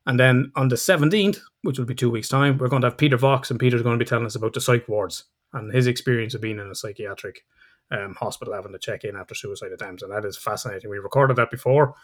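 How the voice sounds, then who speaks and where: Male podcast host, quick and chatty, swears freely. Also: medium pitch. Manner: chatty, swears freely, fast outro plugs. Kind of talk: casual podcast chat.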